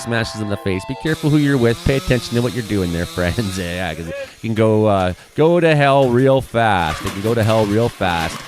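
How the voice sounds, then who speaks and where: A man's voice: on the low side, expressive, normal speed, faint music behind. A Canadian man giving casual, sarcastic running commentary on videos, often laughing as he reacts.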